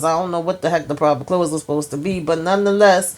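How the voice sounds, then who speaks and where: A woman's voice: low-pitched, quick pace. Sassy woman recapping a TV episode. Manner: sassy, animated, addresses viewers directly. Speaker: TV episode reviewer. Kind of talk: casual recap monologue.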